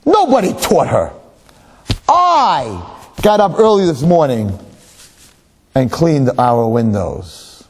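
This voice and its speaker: A patient newlywed husband, played by a man in a sermon story answers plainly and calmly. The voice is husky and close to the speaker's own. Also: fairly high pitch, slow, long pauses, heavily acted. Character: patient young newlywed husband, quietly wise.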